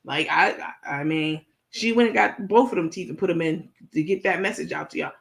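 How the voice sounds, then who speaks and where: Gravelly-voiced woman with animated profane commentary. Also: lowish voice, a little fast. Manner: animated, profane, addresses viewers directly; playful, digressive storytelling. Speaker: commentary vlogger. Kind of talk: casual commentary vlog.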